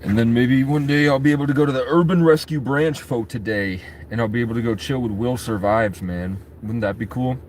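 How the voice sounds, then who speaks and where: A man's voice: mid-range voice, brisk, few pauses, a little mellow, slight background noise. A man vlogging in casual, rambling chat, swearing freely and talking straight to his viewers. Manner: rambling, profane, talks to chat.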